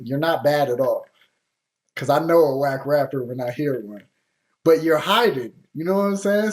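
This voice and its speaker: A slightly higher-voiced man hosting a beat-review show. He is blunt and slangy and swears freely, but keeps encouraging the producer he critiques in casual commentary. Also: darkish tone. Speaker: music producer host giving feedback on beats.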